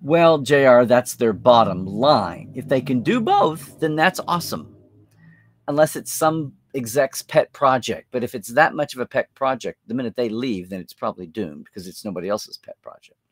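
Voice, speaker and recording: A male live-stream host talks through viewer comments in a loose, rambling way, with lots of fillers as he thinks aloud. His pitch moves in a lively, animated way. The sound is close and dry, with no room echo. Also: normal speed.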